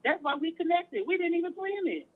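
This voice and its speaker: High-voiced woman caller, fervent preacher-style testimony, heard over a tinny phone line. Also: expressive, brisk. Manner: fervent, quotes scripture.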